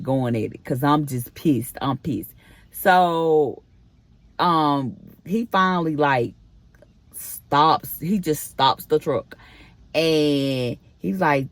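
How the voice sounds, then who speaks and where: In a dry recording, a woman with a low voice casually retells a personal story for her vlog, performing the quoted dialogue as she goes.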